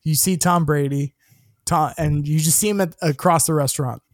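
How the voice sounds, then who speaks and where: A man with a slightly high voice tells stories in casual podcast chat, laughing often and cursing freely. He sounds close and dry, with no room around him. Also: normal speed, no room sound. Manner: animated storyteller, laughs often, swears casually.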